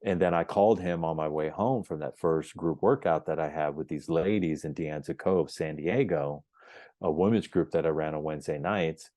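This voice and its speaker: A man on a podcast telling his story as the guest, animated, acting out the dialogue as he goes. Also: a bass voice, moderate pace, dry recording, studio quality. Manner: emphatic and repetitive phrasing. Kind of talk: storytelling in an interview.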